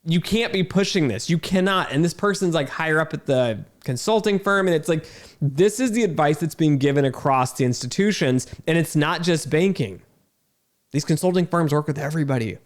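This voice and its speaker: A man delivers an exasperated talking-head rant, his voice sitting a little high for a man. He talks emphatically and incredulously, restarting sentences and repeating words as his irritation builds. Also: lively intonation, a little fast. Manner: emphatic, repeats himself, many fillers and restarts. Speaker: video host.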